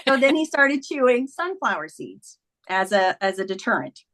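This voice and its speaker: A woman's voice: a little high, sing-song, moderate pace, fairly bright tone. A middle-aged woman, a memoir author, earnestly recounting a personal story in conversation, acting out quoted dialogue.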